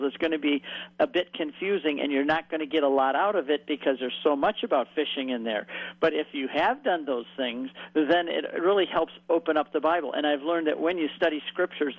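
An animated man tells a story as a radio guest, his voice a little high for a man. The sound is thin and phone-like, dry with no room around it. He slips into other voices when he quotes people. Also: no room sound.

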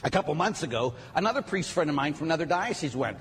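A middle-aged man, a priest, giving a lively sermon talk full of joking stories and acted asides. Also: on the high side, fast, a little hiss or hum. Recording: long hall reverb, faint ambience.

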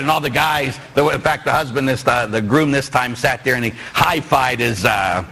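A man who is a Catholic priest, preaching a sermon with animated storytelling and sudden shouts. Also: mid-range voice, moderate pace, creaky, few pauses, crowd noise. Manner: animated storytelling, acts out dialogue, bursts into shouts.

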